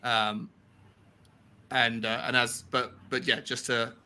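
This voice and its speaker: A man from the UK chatting casually as a co-host, quick and explaining things with lots of likes and rights. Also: medium pitch, little pitch movement, sharp tone, clear, resonant tone. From United Kingdom. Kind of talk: casual chat.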